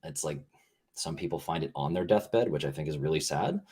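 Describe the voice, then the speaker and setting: Deep, husky-voiced man, reflective. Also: lively intonation, a little fast, warm tone. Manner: earnest, rambling, heavy use of "like". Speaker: podcast guest, coach. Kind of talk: reflective conversational talk.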